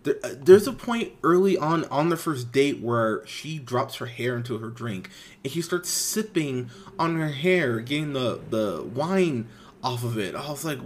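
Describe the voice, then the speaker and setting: A man's voice: on the high side, animated, a little slow. A man hosting a movie podcast, recapping a comedy's plot in a casual, blunt and exasperated way, with frequent swearing and lots of "um" and "uh". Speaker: podcast host, film reviewer. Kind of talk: casual movie review, unscripted.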